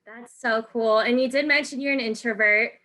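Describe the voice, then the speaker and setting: A woman's voice: a little high, moderate pace, bright, forceful tone. A woman hosting a podcast interview, chatting casually and gushing with enthusiasm. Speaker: podcast host.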